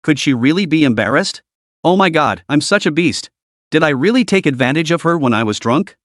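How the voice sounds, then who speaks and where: A man's voice: a little high, lively intonation, a little fast, a bit bright, dry recording, studio quality. A man voicing a cocky, crude young man who swears his way through trouble. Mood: suspicious. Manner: blunt, swearing inner monologue.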